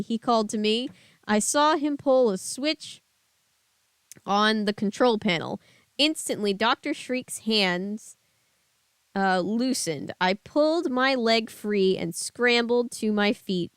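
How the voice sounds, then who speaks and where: A woman's voice: medium pitch, moderate pace, clear, resonant tone, no room sound. A woman streamer reading a book aloud and chatting casually with her live chat.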